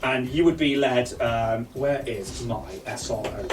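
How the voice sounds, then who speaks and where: A man's voice: medium pitch, a little slow, echoey room, recorded from a distance, noisy background. A man, narrating a tabletop game as game master in a casual, rambling way full of fillers.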